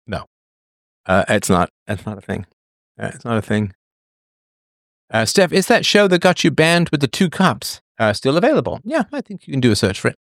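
A man's voice: on the low side, creaky, fairly bright tone, dry recording, clean studio sound. A man hosting a show, reading and answering viewer comments in a digressive, sardonic way and laughing often. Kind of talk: casual livestream monologue.

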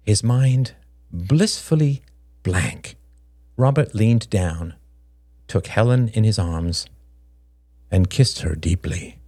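Measured male audiobook narrator, dry close sound. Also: on the low side, no echo. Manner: measured, even storytelling. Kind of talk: scripted narration.

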